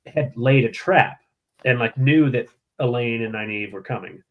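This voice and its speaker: A man with a steady mid-range voice co-hosting a casual podcast. He summarizes the story plainly and drops dry, deadpan provocative jokes. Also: medium pitch, moderate pace, phone-quality sound. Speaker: podcast co-host. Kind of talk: casual chat.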